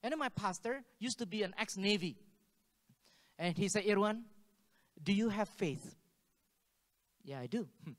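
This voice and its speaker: Unhurried and pausing often, a high-voiced pastor delivers a storytelling sermon. He animatedly acts out the dialogue with laughs, and the recording has the long reverb of a hall.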